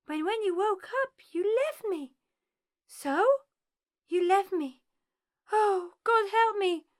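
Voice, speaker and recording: A woman's voice: very high-pitched, takes it slowly. A woman playing Hermia, a bewildered, heartbroken young woman who pleads with her lover, in an amateur stage-play reading. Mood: distraught. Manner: pleading, distraught.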